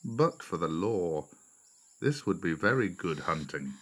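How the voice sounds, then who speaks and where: A man's voice: lowish voice, expressive, measured pace, a bit bright. Bagheera, a man voicing a scornful panther. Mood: wondering. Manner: dry and scornful. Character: scornful, prowling male black panther.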